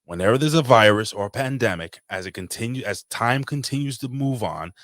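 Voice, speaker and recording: A man's voice: medium pitch, expressive, brisk, a bit bright, no room sound, clean studio sound. A man from New York City co-hosting a podcast, ranting casually and swearing constantly. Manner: profane ranting. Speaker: podcast co-host. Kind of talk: casual chat.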